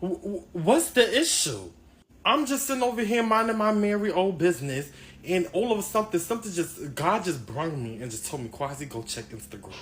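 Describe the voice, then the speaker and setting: A man's voice: high voice, very animated, normal speed, fairly bright tone. A man commenting in a casual reaction video, rambling and exasperated, often laughing. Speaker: commentator reacting to celebrity news.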